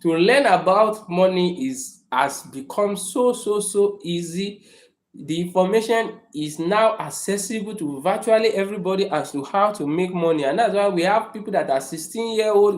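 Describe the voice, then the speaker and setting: A man's voice: high-pitched, a little mellow, roomy sound. A man hosting a motivational livestream, emphatic and repetitive, talking in a room. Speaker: livestream host. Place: room indoors.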